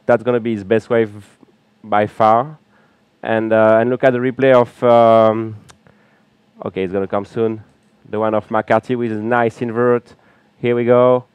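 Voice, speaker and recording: A man with a French accent gives loose, filler-heavy live commentary from a small booth at a beach event. His voice is smooth and clear at a middle pitch. The sound is close and dry. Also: dry recording, muffled recording. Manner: relaxed, chatty analysis with frequent fillers. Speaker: color commentator.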